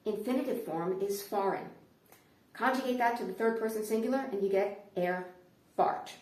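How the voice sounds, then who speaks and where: A woman comedian performing a stand-up routine, telling her stories in an animated way. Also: mid-range voice, normal speed. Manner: animated storytelling. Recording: roomy, distant mic.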